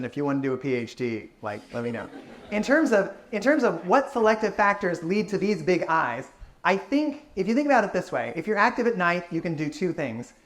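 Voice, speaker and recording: A man's voice: fairly high pitch, a bit bright. A man giving a public science talk, answering audience questions in an enthusiastic, explanatory way.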